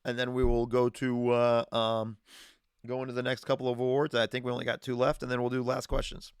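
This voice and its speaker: A man's voice: mid-range voice, monotone, a little fast, clean tone, dry recording. A man hosting a live streamed sports show from his garage, talking betting picks in a loose, rambling way, often restarting his sentences. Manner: rambling, self-correcting, chatty. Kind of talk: casual sports betting talk. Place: home garage with wood paneling. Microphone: streaming setup, green screen.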